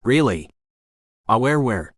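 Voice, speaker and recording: A man's voice: fairly low pitch, expressive, measured pace, fairly bright tone, no room sound, clean studio sound. A man voicing a nervous, awkward young man of about twenty in an audiobook, stammering as he talks. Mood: flustered. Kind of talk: audiobook character reading.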